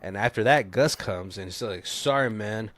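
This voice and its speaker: A man co-hosting a casual movie commentary chat, rambling, swearing freely and acting out characters' lines in quick voices. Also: fairly low pitch, fairly bright tone, no echo. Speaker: podcast co-host.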